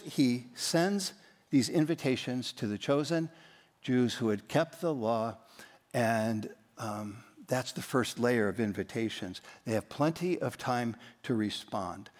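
A man's voice: on the high side, lively intonation, measured pace, in a large hall. A man preaching a sermon as pastor, emphatic and leading his congregation in reading aloud. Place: church.

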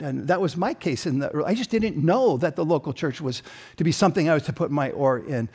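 A man as pastor preaching a sermon, telling a story and building to emphatic peaks, with frequent throat-clearing. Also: fairly high pitch, a little mellow.

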